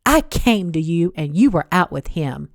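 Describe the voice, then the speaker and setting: This is a hard-edged young cowboy in a romance storybook, as a woman reading aloud puts him on. He talks low and gruff, with a sneering bite. The sound is dry and close. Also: very animated, moderate pace, dry recording. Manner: gruff, sneering, lower-pitched.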